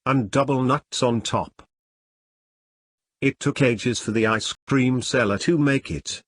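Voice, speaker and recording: Brief: male textbook reader, deliberate lesson read-through, lively pitch, dry close sound. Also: no room sound. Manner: slow, deliberate, word-by-word. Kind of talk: reading a school lesson aloud.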